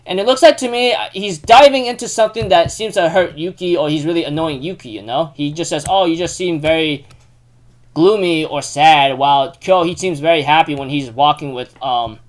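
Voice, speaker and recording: Male anime reviewer, fairly high voice, casual, rambling recap full of fillers. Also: brisk, few pauses. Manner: rambling, heavy use of fillers.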